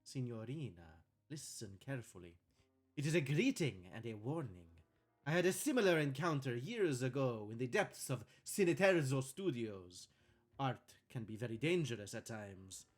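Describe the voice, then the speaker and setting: A man's voice: mid-range voice, very animated, normal speed, faint music behind, voice pushed down. A flamboyant hotel host with a thick, put-on Italian accent, voiced by a man. He speaks in grand, mysterious pronouncements. His voice climbs and swoops expressively. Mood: grandiose. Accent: fake Italian. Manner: theatrical, florid pronouncements.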